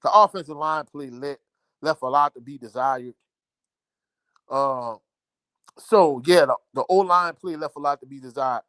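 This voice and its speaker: A middle-aged man from Louisiana chats casually on a sports live stream, reading viewer comments and repeating phrases for emphasis. His voice is bright and a bit high for a man. The recording is close and dry, with no room sound. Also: measured pace, long pauses, no echo.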